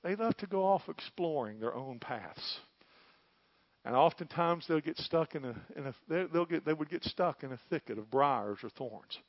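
Preacher, man, folksy and fervent, slightly high voice, dry and a bit dull recording. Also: animated, normal speed, dry recording. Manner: folksy, impassioned, voice swells to loud peaks. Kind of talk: sermon.

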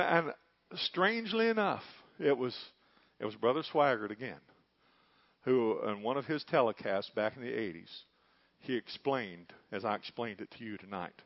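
A middle-aged man preaching a sermon, fervent and folksy, dropping to a hush and rising to loud emphasis. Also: mid-range voice. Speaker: pastor. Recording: dull lo-fi recording.

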